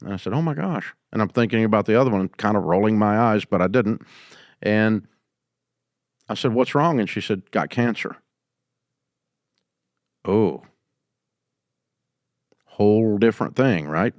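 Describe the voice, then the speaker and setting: An older man hosting a business advice show, answering a caller in a folksy storytelling way and going quieter when he quotes people. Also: on the low side, moderate pace, pauses often, dry recording, clean studio sound. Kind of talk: call-in advice talk.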